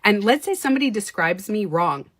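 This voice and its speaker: A woman's voice: medium pitch, sing-song, fairly quick, fairly bright tone, no echo. A woman co-hosting a podcast, talking emphatically and profanely in casual chat. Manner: emphatic, profane, acts out quoted people. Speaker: podcast co-host.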